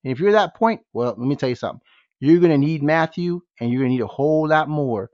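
A man hosting a podcast with high energy, firing rhetorical questions at his listeners. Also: lively intonation, fast, darkish tone, dry recording. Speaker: podcast host. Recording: dull, dry lo-fi sound.

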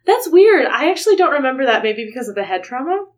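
A woman's voice: high-pitched, big pitch swings, racing. A woman co-hosting a podcast in casual, playful chat, laughing often. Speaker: podcast co-host.

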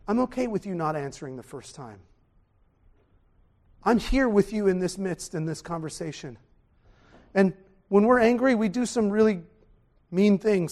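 A man preaching a sermon, animated, swinging from loud exclamations to hushed tones. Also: high voice.

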